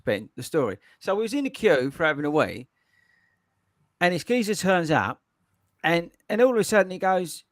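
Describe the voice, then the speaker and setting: A man, high-voiced and swooping all over as he tells a story and laughs his way through it. His voice is dry and close, with no room around it. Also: sing-song, a little fast, no echo. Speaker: podcast host. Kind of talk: casual chat.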